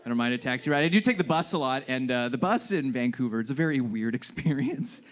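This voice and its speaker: A young man doing a stand-up set, telling self-deprecating stories and acting out shouting strangers. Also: medium pitch, expressive, fast. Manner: storytelling, self-deprecating, acts out shouting characters. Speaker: stand-up comedian. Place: comedy club stage with laughing audience.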